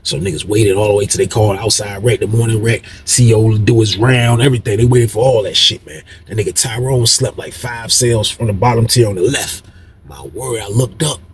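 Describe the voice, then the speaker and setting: A young man casually telling a story to his viewers, animated and slangy with heavy cursing. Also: lowish voice, fairly quick, crowd noise. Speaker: storyteller host of a video channel.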